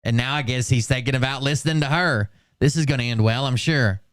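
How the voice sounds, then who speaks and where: A man's voice: mid-range voice, a little fast, no echo, clean studio sound. A man hosting casual commentary, sardonic and swearing freely. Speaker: commentary streamer.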